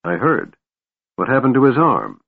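A man's voice: medium pitch, wildly swooping pitch, moderate pace, vocal fry, breathy edge, no echo, pitched above the performer's own voice, exaggerated voice. Man doing a bitter, menacing warlord. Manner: scowling, bitter, snorting. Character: bitter, menacing male warlord, quick to anger. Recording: narrow phone-like sound, dry.

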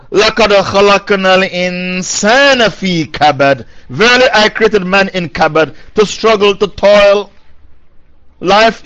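A man's voice: high-pitched, a bit bright. A man giving a Quran commentary lecture who recites Arabic verses, then translates and explains them, repeating key phrases for emphasis. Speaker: preacher. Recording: dull lo-fi recording.

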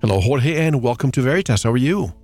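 A man's voice: medium pitch, expressive, quick pace, darkish tone, soft background music. A man from Puerto Rico hosting a radio program, opening the show and introducing his guest in a polished broadcast manner. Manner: smooth, polished broadcast delivery. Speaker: radio host.

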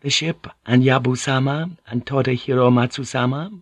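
A man voicing a kind, anxious young noble wife who speaks softly and earnestly. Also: mid-range voice, steady tone, moderate pace, husky, dry recording, voice pushed up, lightly acted. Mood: gracious.

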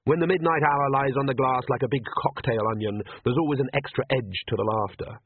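A man's voice: medium pitch, fairly quick, slight background noise. A man narrating an audiobook with wry, dry storytelling, on a tinny phone-like recording.

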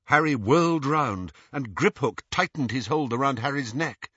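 Animated, bright male audiobook narrator. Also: medium pitch, moderate pace, hardly any pauses, husky, no room sound, highs cut off. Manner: expressive, animated reading. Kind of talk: scripted narration.

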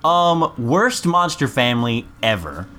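Young man, casual podcast co-host, lively storyteller, faint room hiss behind. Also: measured pace. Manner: animated storyteller, jumps high to mimic people.

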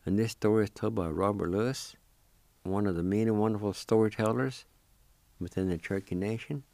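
A male radio show host, introducing a story in a measured announcing style. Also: lowish voice, gravelly, a little mellow, dry recording.

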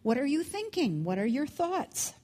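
A woman's voice: high-pitched, big pitch swings, moderate pace, dark tone, pitched above the performer's own voice. A woman reading a worried servant's lines in a rhyming children's poem, sing-song and coaxing.

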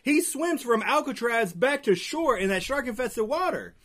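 A man's voice: very high-pitched, big pitch swings, normal speed, a loud crowd. A man co-hosting a podcast in casual chat, chiming in briefly and sometimes searching for words. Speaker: podcast co-host.

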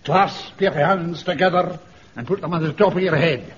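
An actor playing a dour older soldier with a slow, looming, dramatic delivery in a radio comedy. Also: male voice, on the high side, lightly acted. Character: dour older Scottish male soldier, grim storyteller. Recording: dull old radio broadcast with audience laughter and hiss.

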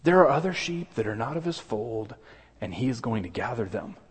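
A man preaching a sermon as pastor, earnest, with quick asides and objections voiced in a higher pitch. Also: very animated, husky. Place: church sanctuary. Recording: long hall reverb.

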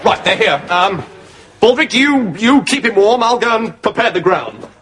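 Gushing posh English young officer, naive, high bouncy voice, hissy sitcom audio. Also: male voice, big pitch swings, moderate pace. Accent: upper-class English. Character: eager, dim, posh young British lieutenant. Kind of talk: sitcom acting before a studio audience.

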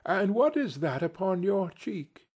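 A man putting on a gentle old spirit, raised soft and husky, speaking with slow solemn care in a storybook tale. The lilting voice rises and falls as it guides the listener. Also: sits high, very animated, voice pushed up, heavily acted. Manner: mild, measured.

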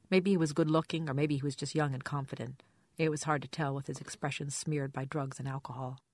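A first-person detective narration read in a dry, wry hard-boiled tone, at a middling pitch. The recording is dry and close, with no room sound at all. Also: dry recording. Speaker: audiobook narrator.

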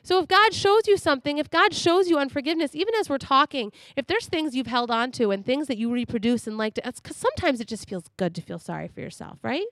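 Chatty, animated female preacher with a high voice and a dry, close sound. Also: quick pace, hardly any pauses, no room sound. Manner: animated and chatty, laughs often. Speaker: speaker. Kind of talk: sermon.

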